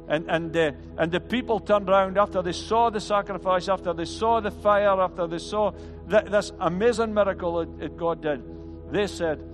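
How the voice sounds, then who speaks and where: Man, high voice, earnest sermon, stammered restarts, band playing behind. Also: moderate pace, big-room sound. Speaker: pastor. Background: band music.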